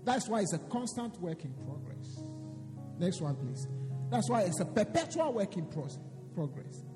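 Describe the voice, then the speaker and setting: High-pitched lively preacher in a hall. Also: male voice, moderate pace, music in the background. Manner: preaching with scripture reading and call-and-response emphasis. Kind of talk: sermon.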